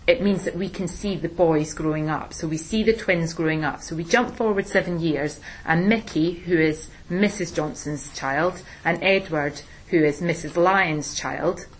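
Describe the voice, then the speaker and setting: A woman teacher explaining a play in a relaxed discussion, with plenty of ums and restarts. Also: lowish voice, husky, low-quality recording. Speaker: English teacher. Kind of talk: recorded literature lesson discussion.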